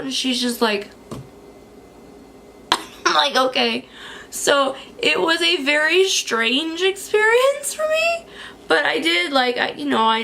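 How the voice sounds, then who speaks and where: A woman's voice: high voice, vocal fry, bright, forceful tone, slight background noise. A young woman telling a story in a casual vlog, chatty, with many fillers and frequent laughs. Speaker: beauty vlogger.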